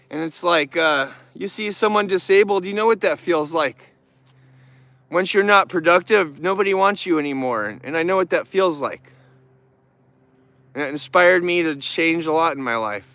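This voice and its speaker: A man talking straight to camera in a rambling, heartfelt way, his voice smooth and resonant. He sits a little higher than most men and gets worked up and bitter easily. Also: moderate pace, pushed and bright, no echo. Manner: emotional, rambling, earnest. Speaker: vlogger who keeps bears. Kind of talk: casual talk to camera.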